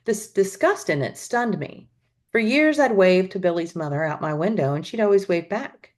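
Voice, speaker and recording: A woman teacher reading a novel aloud to students with expressive storytelling. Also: on the low side, moderate pace. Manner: expressive storytelling, adds asides.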